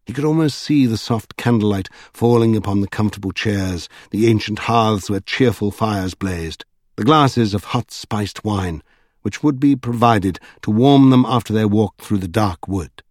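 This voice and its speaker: A man's voice: lowish voice, a little mellow, dry recording, studio quality. Man reading a novel aloud. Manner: measured storytelling. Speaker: audiobook narrator. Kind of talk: scripted narration.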